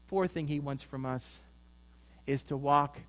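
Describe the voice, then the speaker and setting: A man's voice: medium pitch, measured pace, a bit bright. A man preaching a sermon, telling a story with rising and falling emphasis.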